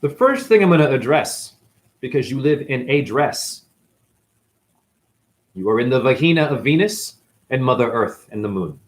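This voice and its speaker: Rambling spiritual guy from new england, swears a lot, voice all over the place, mutters then gets loud. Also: medium pitch, very animated, normal speed, long pauses. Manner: rambling, profane, swinging between muttering and loud outbursts. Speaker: spiritual teacher, former dancer.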